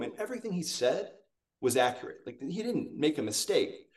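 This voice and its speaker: A male sales coach talking conversationally as a podcast guest, animated and full of stories. His voice has a middle pitch and sounds a little distant from the microphone. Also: quick pace. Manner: animated, acts out quotes. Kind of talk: conversational storytelling.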